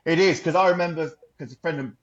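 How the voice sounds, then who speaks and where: A man's voice: a little high, fast talker, highs cut off, crowd noise. A man, an actor and podcast co-host, in comic casual chat, laughing often and swearing for effect.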